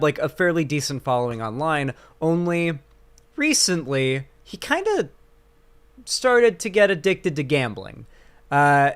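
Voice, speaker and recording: Smooth-voiced man in rambling commentary. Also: medium pitch, fairly bright tone. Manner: rambling, sarcastic, many fillers and restarts. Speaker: political commentary streamer. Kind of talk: casual commentary stream.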